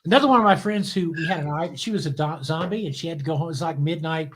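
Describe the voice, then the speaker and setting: A man from the Southern US with a Southern accent, telling lively anecdotes as a guest in a live interview. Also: fairly high pitch, fast talker. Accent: Southern American. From Southern US, Memphis. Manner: lively anecdotal storyteller, acts out quotes. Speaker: guest, TV producer.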